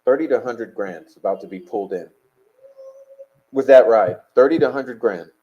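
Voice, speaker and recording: A man's voice: medium pitch, fairly quick, dull audio. A man hosting a live stream, reading chat and talking bluntly, combative and profane.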